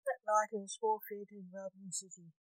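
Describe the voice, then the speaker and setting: A woman narrating a story in an even reading voice. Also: mid-range voice, normal speed, no room sound, poor audio.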